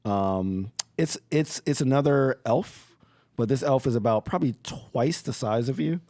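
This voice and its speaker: A man's voice: medium pitch, measured pace, dark tone, no room sound. A man narrating as dungeon master in a tabletop game, talking with many fillers and restarts.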